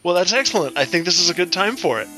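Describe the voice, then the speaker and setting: A man's voice: high voice, animated, quick pace, sharp tone, faint music behind. A man co-hosting a podcast in casual comedic chat, making dry, wry quips. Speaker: podcast co-host.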